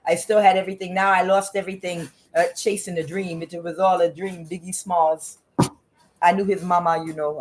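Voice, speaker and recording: A tarot reader voicing a broke male Rasta street vendor, in a mock Jamaican accent, with slow, cursing complaints. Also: mid-range voice, a little hiss or hum, close to an everyday voice, poor audio.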